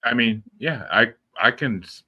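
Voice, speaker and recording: A man's voice: mid-range voice, lively intonation, a little slow, lo-fi sound. A young adult man hosting a casual interview, talking loosely, swearing offhand and laughing often. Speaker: podcast host.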